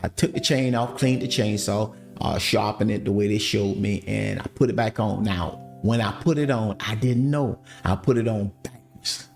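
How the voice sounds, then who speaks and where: Animated man telling his story. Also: on the low side, normal speed, vocal fry, few pauses, faint music behind. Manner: animated, addresses listeners as family. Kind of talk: casual testimony storytelling.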